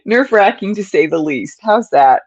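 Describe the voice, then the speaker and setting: A woman's voice: mid-range voice, wildly swooping pitch, a little slow, a little mellow, slightly rough, no echo, muffled recording. An older woman hosting a crochet livestream, chatting in a rambling, casual way to viewers and often chuckling. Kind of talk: casual chat while crocheting.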